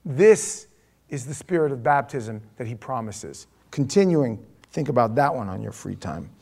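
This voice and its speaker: A man preaching a verse-by-verse sermon, swinging between hushed, intimate asides and loud, mocking quotes of imagined listeners. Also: mid-range voice, normal speed, creaky. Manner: animated preaching, swinging from hushed asides to near-shouting mimicry. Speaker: pastor. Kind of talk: expository sermon.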